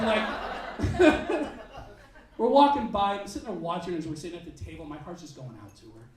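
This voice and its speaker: Stand-up comic, male, high lively delivery, acts out bits; roomy club sound. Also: recorded from a distance. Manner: animated, acts out characters in quick bits. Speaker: stand-up comedian. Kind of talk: stand-up comedy set. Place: comedy club stage. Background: audience laughter.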